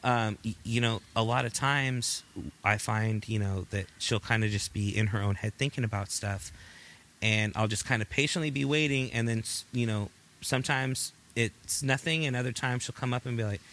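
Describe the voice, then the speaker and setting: A man in his thirties talks earnestly on a casual podcast, giving advice and playing out small scenes with his wife. His voice is bright and forceful. A faint hiss sits under it. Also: mid-range voice, moderate pace. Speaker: podcast co-host.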